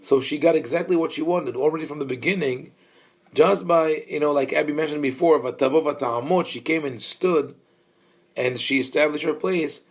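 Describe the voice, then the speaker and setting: A man's voice: a little high, moderate pace. Man teaching a Bible class. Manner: thoughtful, explanatory, many fillers and restarts; engages listeners with questions. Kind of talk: Bible study lecture.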